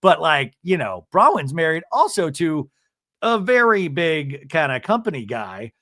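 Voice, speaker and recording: Sarcastic guy recapping tv, super animated, voice jumps all over. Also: a little high, a little slow, no echo, clean studio sound. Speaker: podcast host. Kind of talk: comedic TV recap.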